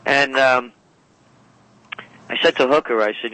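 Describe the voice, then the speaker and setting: A man's voice: mid-range voice, unhurried, sharp tone, slight background noise, poor audio. A man as a radio guest, telling long rambling anecdotes and often correcting himself. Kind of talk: storytelling interview talk. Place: radio call-in or studio.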